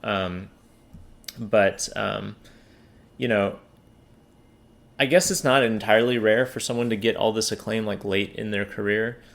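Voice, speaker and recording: Podcast co-host, male, low gravelly voice, halting casual delivery full of ums and restarts. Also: steady tone, a bit bright. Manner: hesitant, many fillers and restarts. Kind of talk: casual book podcast chat.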